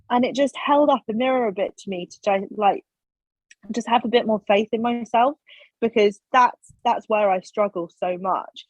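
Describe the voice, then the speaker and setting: Husky woman telling a story. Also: on the high side, moderate pace, no echo. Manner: animated, acts out quoted lines. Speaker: podcast guest. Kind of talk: casual storytelling chat. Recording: slightly dull, dry sound.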